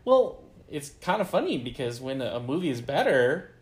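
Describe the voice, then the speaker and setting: A man co-hosting a casual podcast, leading the discussion in a measured way. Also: medium pitch, very animated, echoey room. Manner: slow, measured, leads the discussion. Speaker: podcast co-host. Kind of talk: casual chat.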